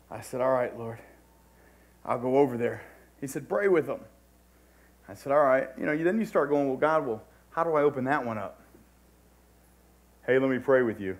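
A man pastor telling a personal story in a sermon, moving between quiet retold conversations and raised, urgent exhortation. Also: mid-range voice, brisk, pauses often.

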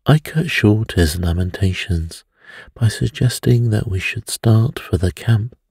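A man reading a mystery aloud as a bedtime story in a soft, soothing way. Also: fairly low pitch, unhurried, vocal fry, slightly rough, no room sound, clean studio sound.

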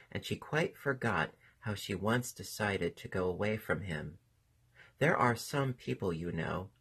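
Low, gravelly male storyteller. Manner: gentle, expressive storytelling. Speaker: reader. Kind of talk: storybook narration.

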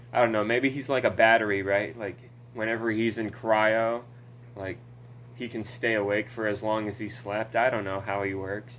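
A man's voice: lowish voice, a little hiss or hum, poor audio. A man ranting casually about a video game, rambling and swearing, with many fillers and laughs, recorded at home on a desk mic. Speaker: gaming commentator.

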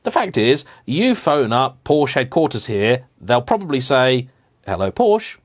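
Animated man ranting about cars. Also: medium pitch, measured pace. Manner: animated, emphatic, playfully indignant. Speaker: car vlogger host. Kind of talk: humorous rant to camera.

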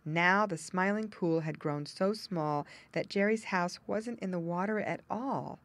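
A woman narrating a children's storybook aloud with expressive storytelling emphasis. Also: lowish voice, a little slow. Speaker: audiobook narrator.

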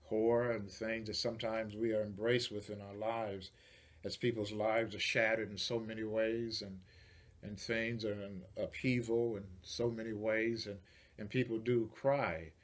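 A man's voice: on the low side, level tone, a little slow. Male pastor preaching a sermon. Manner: builds from quiet reflection to loud preaching.

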